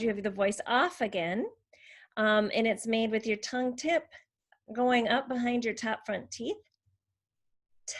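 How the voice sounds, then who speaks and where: A woman speech language therapist, patiently explaining how letter sounds are made and modeling each one. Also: on the high side. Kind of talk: instructional demonstration.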